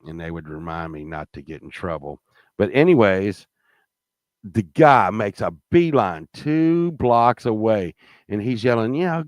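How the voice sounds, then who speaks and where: A man's voice: low-pitched, sing-song, measured pace, no room sound, clean studio sound. Profane, rambling man telling a story. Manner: profane, rambling, with many fillers and restarts; grows heated and loud while telling the story. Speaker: storyteller guest. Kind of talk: casual rambling anecdote.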